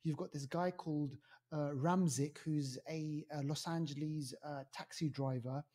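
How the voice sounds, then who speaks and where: A man reviewing a film on a podcast in casual chat, rambling with lots of fillers and animated asides. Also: fairly high pitch, a little slow. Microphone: podcast mic.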